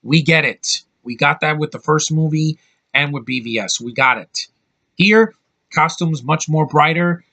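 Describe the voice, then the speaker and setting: A man's voice: fairly high pitch, a little slow, creaky, bright, forceful tone. A man giving a casual spoken movie review, enthusiastic and blunt, rambling with restarts and the odd swear word.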